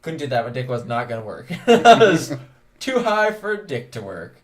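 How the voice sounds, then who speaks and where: A man's voice: medium pitch, sing-song, moderate pace. Man, podcast co-host, casual storytelling, profane, rambling. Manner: rambling, profane, laughing often. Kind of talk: casual storytelling among friends.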